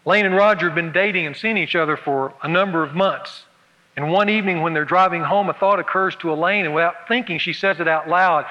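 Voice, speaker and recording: Male pastor, high and bright, humorous storytelling sermon; long hall reverb, dull lo-fi tape. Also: quick pace.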